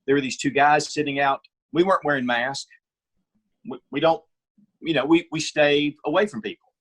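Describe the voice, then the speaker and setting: Middle-aged male guest, husky, raised voice register, opinionated storyteller. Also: on the high side, normal speed, fairly bright tone. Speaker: guest, firearms reviewer. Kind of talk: casual interview chat.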